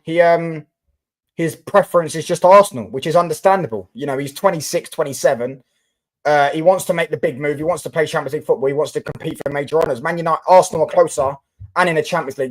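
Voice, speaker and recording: A man's voice: on the high side, a little mellow. A young man live-streaming about football, chatting casually and answering viewer comments with lots of fillers and restarts.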